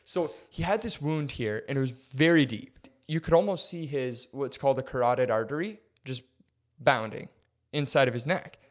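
This young podcast co-host speaks at a regular pace while casually telling a story. He performs the quotes with big pitch jumps, giving his delivery an animated feel.

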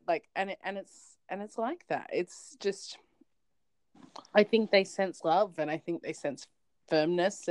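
A woman with a lowish voice co-hosts a podcast, chatting casually, telling stories animatedly and laughing often. The recording is low quality, with no room sound.

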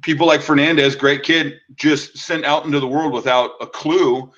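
A man chats on a podcast, slipping into quick impressions of his friends as he tells a story. His voice is bright and forward. The recording sounds slightly dull and lo-fi. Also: fairly high pitch. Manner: animated, acts out quotes with many fillers. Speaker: podcast co-host. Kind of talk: casual chat, storytelling.

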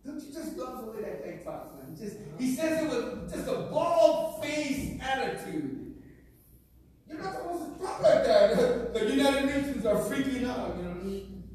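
A middle-aged man from Arizona preaching a sermon in an animated, colloquial way, often laughing. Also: very high-pitched, moderate pace. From Arizona, USA. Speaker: pastor. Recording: very echoey hall from far off, faint noise.

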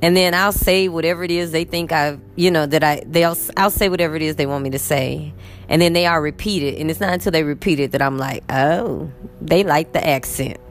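A woman teacher with a Texan accent telling a story in a casual, animated vlog from her bed. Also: low-pitched, fast talker. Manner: animated, chatty, acts out quotes. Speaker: English teacher. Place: in bed at home.

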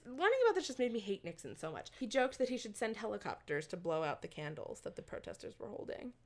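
A woman's voice: medium pitch, big pitch swings, fast talker, a little mellow. A young woman chatting casually, telling a story with many fillers and little laughs. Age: young adult. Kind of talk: casual chat.

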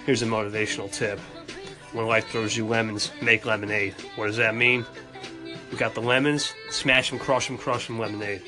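A man doing a gruff deep-voiced Christmas elf. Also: little pitch movement, moderate pace, over music, close to an everyday voice. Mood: gruff, playful. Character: Santa's elf helper, male, gruff and deep.

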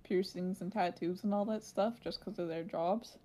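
A woman's voice: on the low side, steady tone, normal speed, dark tone. A woman in her twenties co-hosting a podcast in casual chat, rambling and filling her sentences with "like". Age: 20s. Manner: rambling, leaning heavily on "like". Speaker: podcast co-host.

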